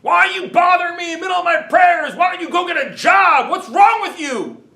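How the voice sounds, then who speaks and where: A man voicing an angry, well-dressed English man who shouts at young beggars to leave him alone. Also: extremely high pitch, fairly quick, vocal fry, voice pushed up, exaggerated voice. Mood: outraged. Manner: shouting, indignant. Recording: roomy echo.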